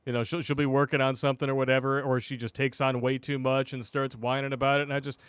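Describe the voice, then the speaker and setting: A man's voice: medium pitch, little pitch movement, quick pace, fairly bright tone, clear, resonant tone, no room sound. A man co-hosting a casual talk show, making wry, dry asides and telling a story about his wife. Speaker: podcast co-host.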